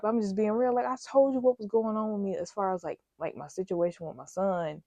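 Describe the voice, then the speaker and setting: A woman's voice: medium pitch, fast talker, hardly any pauses, mellow, no room sound. A woman in her thirties telling a work story in a candid, rambling, emphatic way, talking straight to her viewers. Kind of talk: casual storytime chat.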